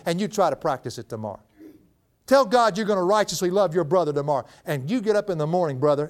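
Folksy preacher man, animated. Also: fairly high pitch. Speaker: pastor. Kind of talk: sermon.

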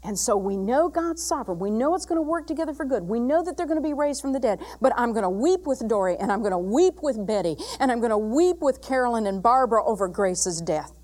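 High-voiced woman preaching with dramatic swings. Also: expressive, quick pace, few pauses. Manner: swings from loud emphatic bursts to hushed, intimate passages. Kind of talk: sermon.

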